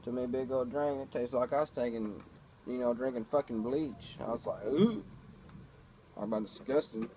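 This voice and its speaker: A man's voice: medium pitch, steady tone, fairly quick, dark tone, a little hiss or hum, low-quality recording. Laid-back man rambling with fillers. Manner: laid-back, profane, storytelling with many fillers. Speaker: vlogger. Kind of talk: casual rambling monologue. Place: home, indoors. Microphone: camera.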